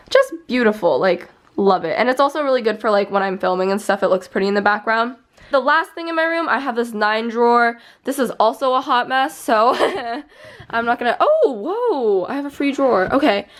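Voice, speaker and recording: A young woman chatting her way around her bedroom on camera. Her talk is rambling and casual, full of "like" and little asides. This is a relaxed home vlog. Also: on the high side. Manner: chatty, rambling, heavy use of "like". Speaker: vlogger. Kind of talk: casual room tour vlog. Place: bedroom, indoors.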